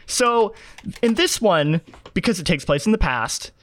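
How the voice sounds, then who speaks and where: A man chatting casually as a podcast host, animated and full of fillers, acting out quotes as he talks. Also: sits high, measured pace. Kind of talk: casual chat.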